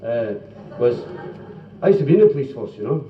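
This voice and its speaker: Scottish comedian on an old live club tape. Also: male voice, mid-range voice, very animated, fairly quick. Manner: chatty, acts out stammering characters in jokes. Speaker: stand-up comedian. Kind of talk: live stand-up storytelling. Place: club room before a live audience. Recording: roomy, distant, dull 1970s live tape. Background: audience laughter.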